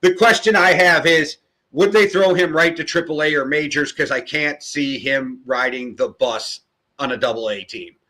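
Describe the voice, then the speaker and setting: A man's voice: on the high side, moderate pace, bright, forceful tone. A man co-hosting a podcast, talking sports in a casual, rambling way and correcting himself as he goes. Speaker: podcast co-host.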